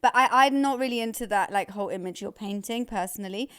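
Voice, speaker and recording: A woman's voice: medium pitch, fast talker, fairly bright tone, clear, resonant tone. Wry, chatty woman co-host. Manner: wry, chatty, laughs easily. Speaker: podcast co-host. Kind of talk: casual chat.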